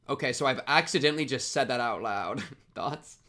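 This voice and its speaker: A young man livestreams in a casual, giggly way, laughing at himself, self-mocking, and addressing chat directly as he reacts to what viewers send. He has a mid-range voice with a sharp tone and speaks at a moderate pace.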